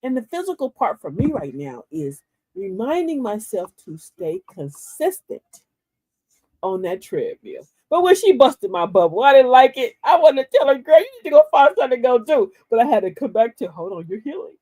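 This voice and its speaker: An older woman hosting a casual motivational livestream, telling stories with lots of laughter and reading affirmations slowly and with emphasis. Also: a little high, breathy edge, no echo. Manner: animated storyteller, laughs often. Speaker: livestream host.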